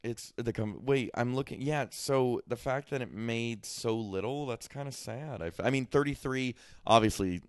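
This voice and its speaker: A man in his twenties co-hosting a casual chat about movies, talking in quick bursts and often cutting himself off mid-sentence. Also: medium pitch, dry recording. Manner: chatty, self-interrupting, quick to laugh. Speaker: podcast co-host.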